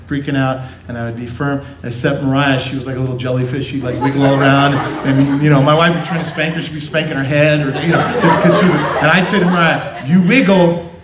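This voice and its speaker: A man's voice: medium pitch, steady tone, fast, hardly any pauses, noisy background. A middle-aged man preaching a sermon to his congregation, telling family stories with playful asides and acting out voices. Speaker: pastor. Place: church sanctuary. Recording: roomy church sound from a distance.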